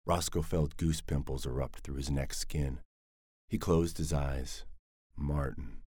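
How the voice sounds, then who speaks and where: A man reading a novel aloud as narrator in a measured, even storytelling manner. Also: rumbling low, no echo, clean studio sound. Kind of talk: scripted audiobook narration.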